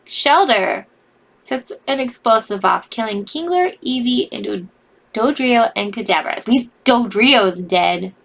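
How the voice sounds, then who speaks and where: A woman's voice: on the high side, lively intonation, measured pace, vocal fry, a bit bright. A young woman reading out a game's results and reacting to them with cries and laughter in casual commentary. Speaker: gaming video host.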